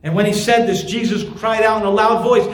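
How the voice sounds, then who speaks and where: A male pastor preaching with fervor, his voice pitched high for a man. He repeats phrases for emphasis, and the sound rings in an echoey room. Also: steady tone, brisk. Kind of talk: sermon.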